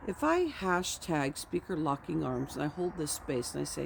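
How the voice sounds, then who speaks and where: Gravelly-voiced woman coach, earnest vlog. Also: deep voice, very animated, moderate pace, few pauses, slight background noise. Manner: earnest, affirming, rambling with repeated phrases. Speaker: health and communication coach. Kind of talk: motivational vlog talk. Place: her ranch home.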